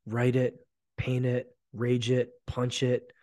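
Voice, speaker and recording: A man's voice: mid-range voice, completely flat delivery, takes it slowly, darkish tone, no echo, clean studio sound. A man in his forties hosting a solo podcast, telling stories bluntly and with frequent swearing. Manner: blunt, profane, emphatic storytelling. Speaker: podcast host.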